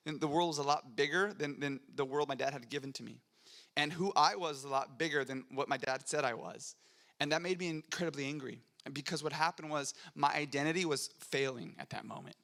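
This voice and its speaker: A man's voice: fairly high pitch, brisk, vocal fry, a bit bright. A young adult man preaching a sermon in a church, conversational and earnest, rising to fervent emphasis. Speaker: pastor. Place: church sanctuary.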